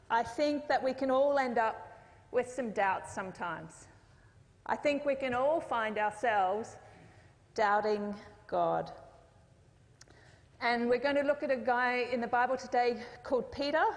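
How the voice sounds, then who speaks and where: A woman preaching a sermon, telling a story in a conversational way with jokes and asides. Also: fairly high pitch. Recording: long reverb of a hall.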